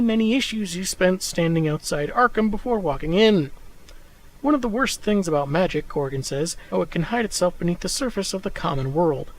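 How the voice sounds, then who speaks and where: A man with a fairly high voice reads a scripted comic recap at an even clip. He slips dry, sarcastic jabs into the summary. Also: a little hiss or hum, low-quality recording. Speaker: comic book reviewer. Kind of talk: scripted narration.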